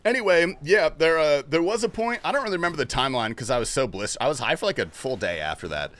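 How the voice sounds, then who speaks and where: Young man streamer, bright voice, very animated, lots of swearing; casual storyteller. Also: on the high side, fast talker. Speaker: game streamer. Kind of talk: casual story-telling chat while gaming.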